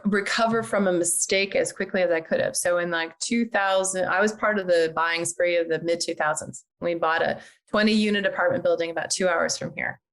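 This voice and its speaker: An older woman chatting as a podcast guest, animated and chatty, with frequent fillers. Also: on the low side. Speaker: guest, real estate agent and investor. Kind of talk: casual podcast interview.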